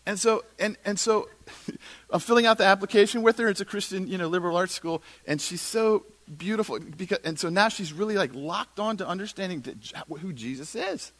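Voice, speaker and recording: Brief: middle-aged male church speaker, bright-toned, animated anecdotal storytelling. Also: fairly quick. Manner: animated storyteller, quotes others in lowered voice. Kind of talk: storytelling sermon talk.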